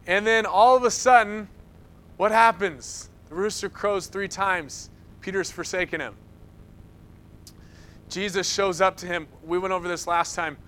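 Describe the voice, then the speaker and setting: Bright high-voiced man preaching. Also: unhurried, long pauses, slight background noise. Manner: animated storytelling, acts out quotes. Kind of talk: sermon.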